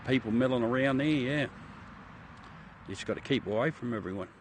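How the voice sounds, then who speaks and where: A man's voice: medium pitch, fairly quick, a little hiss or hum. Blunt Australian man chatting with viewers. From South Australia. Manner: blunt and profane, calls everyone mate. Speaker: livestream host. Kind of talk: casual chat with viewers.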